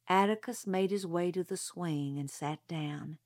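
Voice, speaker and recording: A woman narrating a novel aloud in a steady storytelling manner. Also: on the low side, a little slow, hardly any pauses. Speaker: audiobook narrator. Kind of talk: scripted narration.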